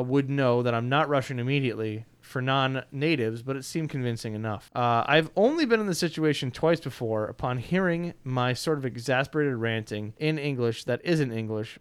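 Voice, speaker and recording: A man's voice: mid-range voice, clear, resonant tone. A man narrating a first-person story in a wry, conversational way, with frequent uh fillers and small stumbles over words.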